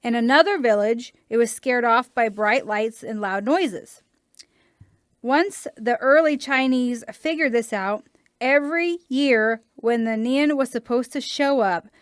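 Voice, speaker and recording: High-voiced woman reading legends with jokes. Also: no room sound, clean studio sound. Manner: laughs between lines, reads legends with jokey asides. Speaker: podcast co-host reading cryptid stories. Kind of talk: casual podcast chat and reading aloud.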